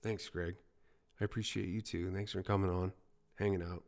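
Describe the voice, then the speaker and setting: A man calls a fight live for his stream in a fairly low voice, loose and casual. He is excitable and chatty, repeating short exclamations and talking to viewers by name. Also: normal speed. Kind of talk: casual live play-by-play commentary.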